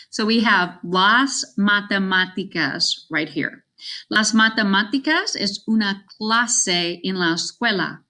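A chatty woman teaches a recorded Spanish vocabulary lesson, slowing down to model words and tossing in self-deprecating asides. Her voice is bright and crisp, set at a middle pitch for a woman. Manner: switches between English and Spanish, spelling out words slowly.

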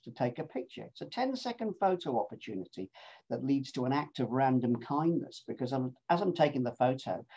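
A man's voice: medium pitch, mellow, husky. Jolly man telling travel stories. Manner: chatty, jolly and self-mocking, with playful asides. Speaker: speaker presenting his cycling pilgrimage. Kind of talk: casual storytelling talk with travel video clips.

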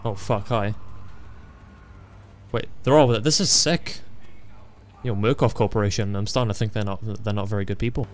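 A man's voice: fairly low pitch, moderate pace, pauses often. Jumpy young man playing a horror game. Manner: jumpy, excitable, joking reactions with frequent swearing. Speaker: gaming video creator. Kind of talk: casual gameplay commentary. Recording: faint game music behind.

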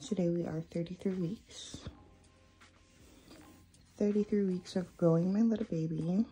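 A woman's voice: on the low side, fairly even intonation, a little slow, dark tone, soft background music, poor audio. A pregnant woman in her twenties, from Jamaica, talking candidly and out of breath in a casual vlog. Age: 20s. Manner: candid, chatty, unfiltered. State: out of breath, tired. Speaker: vlogger.

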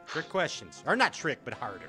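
A man hosting a talk show, running a joking quiz game with lively, laughing delivery. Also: mid-range voice, brisk, faint music behind.

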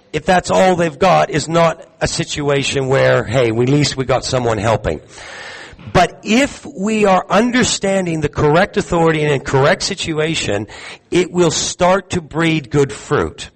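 A man giving a live sermon to a congregation, talking conversationally, putting questions to the room and filling pauses with ums. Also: a little high, lively intonation, gravelly, low-quality recording. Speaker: teacher at a congregation gathering. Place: gathering hall with audience.

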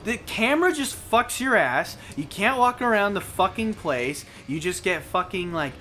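A young man with a bright, forceful voice curses his way through a boss fight. His pitch leaps around as he rants in exasperated gaming commentary, with faint noise behind him. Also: expressive, normal speed. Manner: profane, exasperated ranting at the game. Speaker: let's play co-host.

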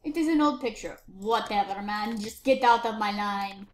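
A woman with a medium-pitched voice narrates her gameplay casually at a normal speed while playing a bossy, impatient border inspector. The recording sounds roomy, with faint noise.

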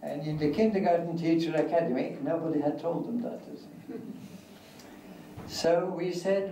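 An older man giving an academic lecture, speaking deliberately and repeating key phrases. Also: a little high, steady tone, mellow. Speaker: guest lecturer. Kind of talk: academic lecture answering questions. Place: lecture hall. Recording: echoey hall, distant mic, faint hiss.

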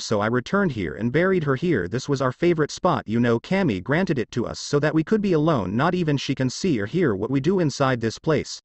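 A man's voice: mid-range voice, dry recording. Man reading as a grieving old werewolf grandfather. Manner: somber, sad.

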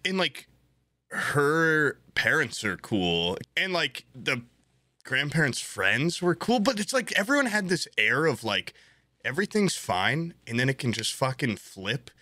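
Young male podcast host, bright voice, dry sound, animated, laughs through his stories, swears freely. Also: fairly high pitch, measured pace, dry recording. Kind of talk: casual chat.

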